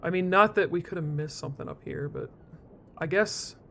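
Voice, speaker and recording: A man chatting in character during an online roleplay game, answering in a relaxed, easygoing way. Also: on the high side, moderate pace, creaky, a little hiss or hum. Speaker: roleplay gamer.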